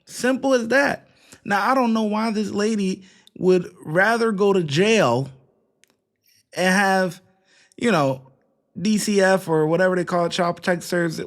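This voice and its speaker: Male commentary host, slightly high voice, blunt and scolding. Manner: opinionated, scolding, mocking. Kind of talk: reaction commentary.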